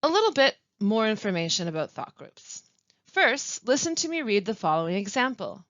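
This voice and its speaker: A woman who works as a language support specialist, presenting a pronunciation webinar with clear, deliberate teaching and careful pauses. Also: fairly high pitch, big pitch swings, fairly bright tone, no room sound. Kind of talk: instructional webinar narration. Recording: dull, lo-fi dry voice-over.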